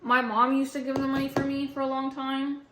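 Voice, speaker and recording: A woman's voice: high-pitched, level tone, a little fast, background noise. A young woman vlogging, venting casually and frankly, rambling with lots of "like". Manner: rambling, frank, heavy use of "like". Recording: roomy echo.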